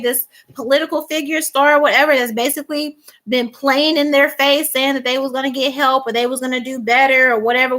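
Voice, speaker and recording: A woman's voice: high voice, bright, forceful tone. A woman giving a tarot reading, emphatic and repeating "okay?" and "all right?", acting out the people she quotes. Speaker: tarot reader.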